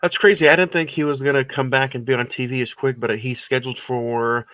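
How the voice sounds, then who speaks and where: Relaxed rambling podcast host, man. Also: medium pitch, fairly quick, no echo. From Oklahoma area, USA. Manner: relaxed, rambling, lots of fillers. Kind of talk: casual podcast chat.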